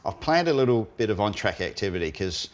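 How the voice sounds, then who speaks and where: A man with an Australian accent co-hosting a motorsport show, talking in a relaxed, rambling way with frequent restarts. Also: fairly low pitch, fast. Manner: laid-back, restarts often, excitable behind the wheel. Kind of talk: casual chat and in-car commentary.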